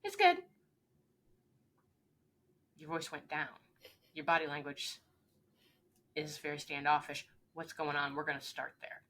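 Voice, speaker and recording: A woman coach talking in an interview with a bright, forceful voice pitched a bit low. She speaks earnestly and with emphasis, and she often acts out short everyday exchanges to make her point. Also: little pitch movement, moderate pace. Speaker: leadership coach, guest. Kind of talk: interview conversation.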